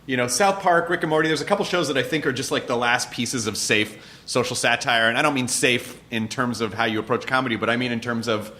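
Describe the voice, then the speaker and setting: Bright, rambling man podcast host. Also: mid-range voice, quick pace, hardly any pauses. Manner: rambling, swears, acts out quotes. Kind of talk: casual podcast chat.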